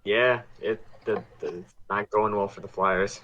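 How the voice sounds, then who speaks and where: A podcast co-host in casual sports chat, making slow, giggly asides. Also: low-pitched, steady tone, lo-fi sound, noisy background.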